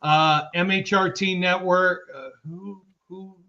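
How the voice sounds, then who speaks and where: Slowly and with fairly even intonation, the high-voiced co-host reads viewers' chat names one after another, upbeat and casual. The live-stream audio is dull and lo-fi.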